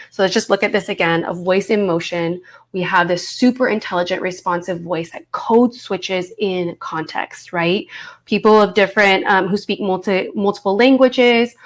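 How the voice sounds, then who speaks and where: A woman in her thirties teaching an online course, speaking in a reflective way and often checking in with her listeners. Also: medium pitch. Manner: reflective, warm teaching tone with frequent "right?" check-ins. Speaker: voice coach.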